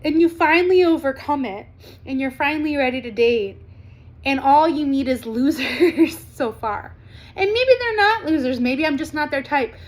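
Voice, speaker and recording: A woman in her forties with a bright, high-pitched voice talks straight to camera. She is blunt and animated, with swearing scattered through her talk. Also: moderate pace. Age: 40s. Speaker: vlogger.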